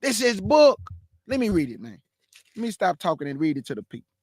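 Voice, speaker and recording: High-voiced fast-talking preacher man. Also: very animated, no room sound, studio quality. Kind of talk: live-streamed bible teaching.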